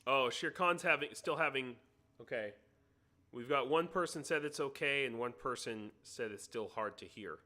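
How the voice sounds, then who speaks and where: A man from the United States jokes and chats loosely on a live stream while he adjusts his sound setup on a computer mic. He speaks at medium pitch and a moderate pace, with a sharp tone.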